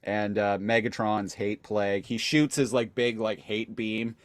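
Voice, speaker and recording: A man's voice: fairly low pitch, steady tone, a little slow, no room sound. A man co-hosting a podcast, rambling through a cartoon plot with many fillers. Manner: rambling, many fillers, hammy quoted voices. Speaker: podcast co-host. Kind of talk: casual chat recapping a cartoon.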